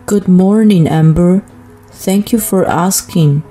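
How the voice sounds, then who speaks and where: Fields: Figure: gentle, reclusive brother-in-law, read by a woman. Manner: polite. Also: on the low side, takes it slowly, soft background music.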